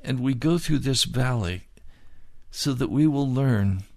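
An older man preaching a sermon as pastor, earnest and pleading, with slow drawn-out phrases. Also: mid-range voice, animated, gravelly, a little mellow.

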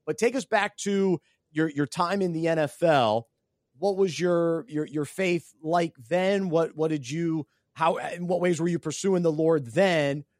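A man hosting a podcast, asking interview questions in a halting way and repeating words as he goes. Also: a little high, a little mellow, no echo, clean studio sound. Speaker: podcast host.

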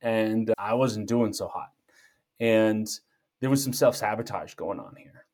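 A middle-aged man telling a personal story as a podcast guest, in a jokey, animated way. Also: lowish voice, measured pace. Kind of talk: casual storytelling.

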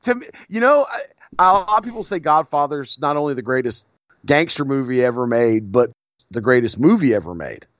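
A man's voice: medium pitch, lively intonation, a little fast, no room sound. Man, podcast co-host, rambling chatty talk, dull muffled audio, dry sound. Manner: rambling, digressive, with frequent restarts and laughs. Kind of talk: casual chat.

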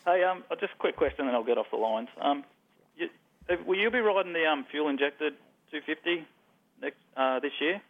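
An Australian man calling in to a radio show, friendly and quick with a joke. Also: fairly high pitch, animated. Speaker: caller. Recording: tinny phone line.

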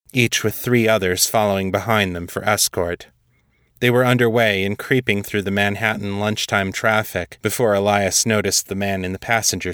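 Deep-voiced man reading a story. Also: fairly bright tone, no echo, clean studio sound. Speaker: narrator. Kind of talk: scripted audiobook narration.

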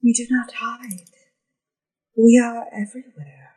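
A woman voicing an otherworldly fairy queen who speaks slowly and solemnly in a tabletop game. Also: on the high side, little pitch movement, warm tone, breathy edge, pitched above the performer's own voice, heavily acted, poor audio.

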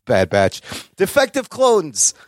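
A man co-hosting a podcast in casual chat, profane and enthusiastic, with animated swings in pitch. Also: slow pace, no room sound, clean studio sound. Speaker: podcast co-host.

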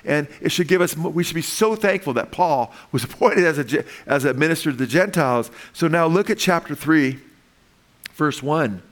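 Pastor guy preaching, fairly high voice, gets louder n higher on the big points. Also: expressive. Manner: rises in pitch and volume to stress scripture; reads verses slowly, asks the congregation questions. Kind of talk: sermon.

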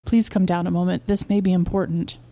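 A woman's voice: fairly low pitch, flat delivery, brisk, dark tone, close to an everyday voice. A woman voicing Albert, an eager young husband who coaxes and reassures his wife, in a short story read aloud. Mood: coaxing. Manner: earnest and coaxing.

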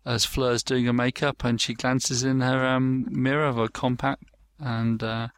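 In a level, mid-range voice with a clean tone and no room sound, a man talks unhurriedly over a show. His casual chat rambles, full of fillers and restarts, and he acts out the lines he quotes.

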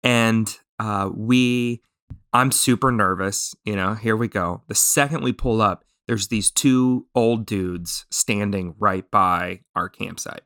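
A man's voice: fairly low pitch, slow, a bit bright, no room sound, clean studio sound. A man hosting a podcast, chatting casually and telling stories with many restarts and fillers. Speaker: podcast host.

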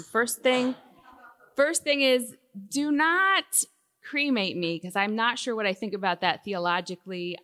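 A middle-aged woman giving a faith talk to a live audience, telling stories with loud emphatic bursts that drop to hushed asides. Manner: lively storytelling, swinging from loud emphatic bursts to hushed lows. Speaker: Christian speaker. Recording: long hall reverb.

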